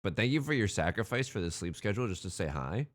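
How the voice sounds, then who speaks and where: A man's voice: on the low side, big pitch swings, quick pace. A man chatting casually on a live stream, greeting viewers and talking while he eats. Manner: upbeat, greets chatters, talks while eating.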